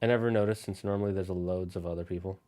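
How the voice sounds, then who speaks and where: A man with a deep, steady, slightly mellow voice talks fast as he streams a video game. He rambles casually, chatting straight to his viewers.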